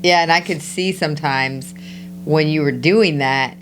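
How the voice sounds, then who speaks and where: A woman's voice: sits low, a little slow, a little hiss or hum. A woman co-hosting a relationship podcast, candid and storytelling in casual chat. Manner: candid, storytelling, laughs easily. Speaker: podcast co-host.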